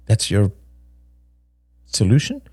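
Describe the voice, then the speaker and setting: A man voicing an anxious young adult son who stammers and talks in halting bursts. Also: lowish voice, wildly swooping pitch, warm tone, breathy edge, dry recording, studio quality, voice pushed up, heavily acted. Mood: nervous.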